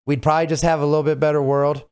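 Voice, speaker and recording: Male podcast host, slightly high voice, earnest, reflective, advice-giving, video call. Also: little pitch movement, racing, a little mellow, smooth. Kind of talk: casual podcast chat.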